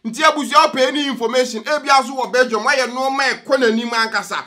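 A young Ghanaian man hosting a news reaction vlog, lively and jokey, switching between languages as he talks. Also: extremely high pitch, fast talker. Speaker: vlog host.

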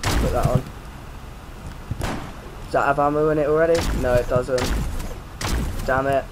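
A man's voice: mid-range voice, steady tone, unhurried, noisy background. A man giving let's play commentary, jumpy and prone to swearing, yelping and shrieking when startled. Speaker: gaming YouTuber.

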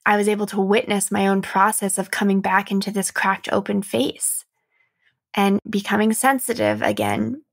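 A young adult woman hosting a reflective solo podcast as a coach, speaking softly and earnestly with light laughs. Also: medium pitch, animated, moderate pace.

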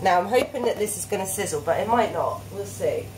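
A woman's voice: medium pitch, lively intonation, fairly quick, a little mellow. A woman in her thirties, casually explaining a recipe in her home kitchen while guiding her little boy, filmed on her phone. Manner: chatty, instructive, coaxing a small child. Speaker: parent teaching a recipe. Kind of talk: casual cooking demonstration. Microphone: phone camera held by hand. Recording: noisy home kitchen recording.

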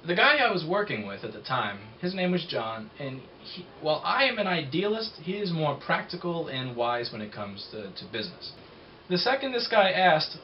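A man's voice: fairly high pitch, big pitch swings, a little fast, dull audio, a little hiss or hum. A man who owns a repair shop tells a story in a casual, blunt and profane rant, full of sarcasm.

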